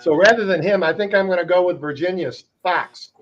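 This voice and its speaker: A man's voice: high-pitched, a little fast, lo-fi sound, soft background music. A man on a panel telling a wry story with chuckles. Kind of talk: casual panel chat.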